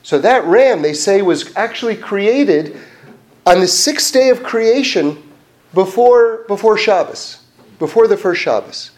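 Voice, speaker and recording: A man giving a casual Torah class, animated and chatty, full of fillers and restarts. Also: high-pitched, measured pace. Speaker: Torah teacher.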